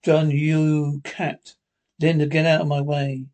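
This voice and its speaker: A man's voice: a little high, level tone, takes it slowly, darkish tone. A man playing a frantic young husband who grows hysterical and pleading in a 1930s radio drama. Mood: accusing. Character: frantic young husband losing his nerve.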